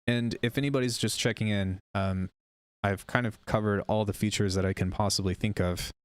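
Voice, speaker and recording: A male music producer on a casual live stream, chatting with viewers while demoing software, rambling and unsure of himself. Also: fairly low pitch, fairly even intonation, a little fast, no room sound.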